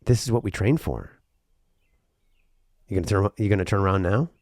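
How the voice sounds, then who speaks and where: A male podcast host talking alone, earnest and rambling, with a lot of repeated words, going from intense to quiet and emotional. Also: deep voice, normal speed, no echo, studio quality. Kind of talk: reflective solo podcast monologue.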